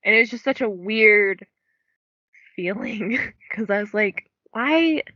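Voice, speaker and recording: A woman's voice: mid-range voice, fairly even intonation, unhurried, pushed and bright, dry recording, highs cut off. A young woman co-hosting a book podcast, chatting casually and filling her talk with "like". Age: young adult. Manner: chatty, many "like" fillers. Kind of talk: casual chat.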